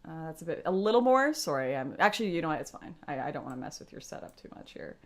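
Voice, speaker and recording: A woman's voice: deep voice, sing-song, fast. A young woman hosting a casual livestream, chatting to her viewers and laughing often. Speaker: livestream host.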